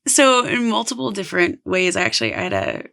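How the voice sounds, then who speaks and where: A woman's voice: on the low side, wildly swooping pitch, fast, vocal fry, fairly bright tone. A woman guest on a podcast, a spiritual coach telling a personal story in an earnest, casual way, often saying "like". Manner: earnest, heavy use of "like".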